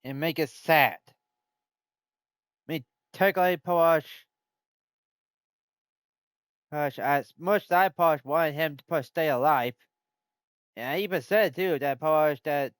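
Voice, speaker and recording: Brief: male streamer, slow musing delivery, slightly high voice, rambling live game commentary, dry close sound. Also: clean tone, no echo. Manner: rambling, thinking aloud with restarts.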